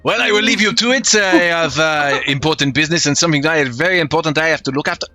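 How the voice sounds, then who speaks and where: A man's voice: fairly high pitch, fast, pushed and bright, dry recording, voice pushed up. A man voicing a flamboyant male mercenary sailor with a put-on French accent, boastful and full of hesitations. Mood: jovial.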